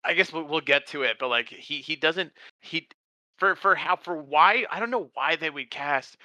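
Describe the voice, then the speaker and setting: Here the podcast co-host, chatting casually about movies, has a very bright and forceful voice with lively intonation and a moderate pace. He gets animated and leaps higher in pitch to act out characters, recorded close and dry without room sound.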